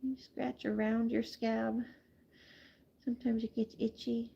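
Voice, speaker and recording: A woman gently talking baby talk to her hen while bathing it, cooing and making little beeping noises. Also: on the high side, level tone, measured pace, gravelly, husky, lo-fi sound. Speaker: backyard farmer caring for a hen. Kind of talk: casual talk to an animal.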